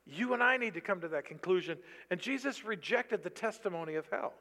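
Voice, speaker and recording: A tired male pastor preaching a sermon, animated and breaking into loud bursts when he quotes. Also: sits high, fairly quick. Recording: long reverb of a large hall.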